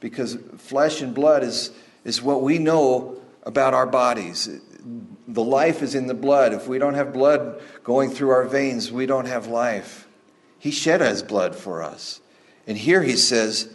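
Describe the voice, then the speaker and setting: A male pastor preaching a sermon in a conversational, animated storytelling manner. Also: medium pitch, measured pace.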